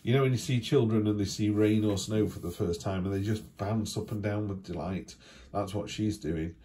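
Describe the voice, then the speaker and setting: A man's voice: lowish voice, normal speed, warm tone. A man giving a casual weekly tarot reading, chatty and rambling, with fillers and asides. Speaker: tarot reader.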